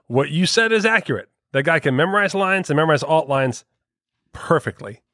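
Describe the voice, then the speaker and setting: A man's voice: on the high side, lively intonation, a little fast, a bit bright, no room sound, studio quality. A man in casual podcast chat, chiming in and teasing. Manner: teasing, short backing interjections.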